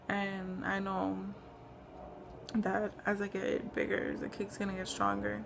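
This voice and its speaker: A young woman talks through a casual home vlog at a middle pitch, her voice a little gravelly. She rambles with plenty of fillers and sounds short of breath, over a faint hiss of background noise. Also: measured pace. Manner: rambling, lots of "like" and "um". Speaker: pregnancy vlogger. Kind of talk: casual chat.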